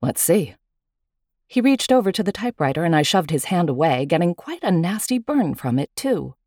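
A woman reading a first-person story aloud with a wry, lively manner. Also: on the low side, brisk, no echo, clean studio sound. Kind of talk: storytelling narration.

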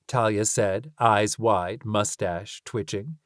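A woman narrating a storybook in an expressive storytelling manner. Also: very deep voice, a little slow, dry recording, clean studio sound. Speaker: audiobook narrator. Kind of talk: scripted narration.

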